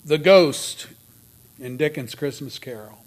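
Man, preacher, sermon, dramatic swings from loud to whispered, slow delivery. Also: a little high.

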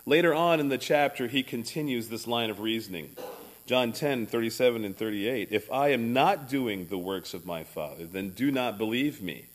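A man's voice: medium pitch, moderate pace. A male pastor preaching a sermon in a church, reading scripture passages aloud with shifting emphasis.

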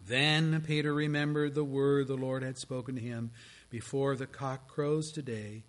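A man, a pastor, preaching a sermon with dramatic storytelling delivery that swings between hushed tones and strong proclamation. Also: medium pitch, steady tone, measured pace.

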